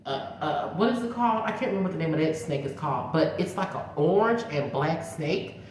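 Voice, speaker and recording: A woman, a vlogger telling a story in a casual, animated, profane way, talking straight to her viewers. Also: sits low, brisk, a little hiss or hum. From Mississippi. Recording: very echoey room.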